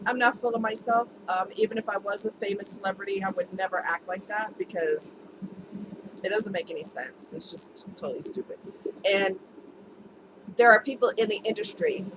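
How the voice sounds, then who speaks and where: A woman with a medium-pitched voice speaks at a moderate pace, vlogging casually to camera and laughing easily as she candidly shares her experiences. It's a home video recorded on the camera mic, with noticeable background noise.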